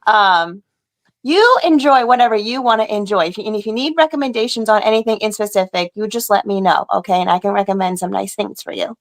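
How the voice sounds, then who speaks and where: A woman guest on a casual livestream chat, chatty and giggly with quick asides. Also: mid-range voice.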